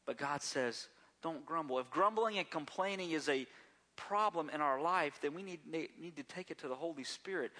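A male pastor delivers a sermon with a bright, slightly high voice. He keeps a conversational preaching style and often throws rhetorical questions to his congregation. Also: expressive, normal speed.

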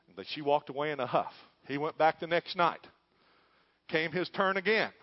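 A man's voice: on the high side, lively intonation, moderate pace, dry recording. A man, a pastor preaching a sermon and telling a story with growing fervor. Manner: storytelling, building to fervent shouting. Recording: dull dry lo-fi.

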